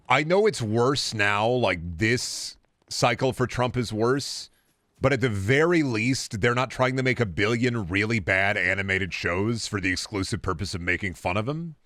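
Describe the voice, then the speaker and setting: A man's voice: lowish voice, fairly bright tone, no room sound. A man streaming a video game, chatting casually and rambling with jokes. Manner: rambling, joking, restarts mid-thought. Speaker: gaming streamer. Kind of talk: casual commentary while gaming.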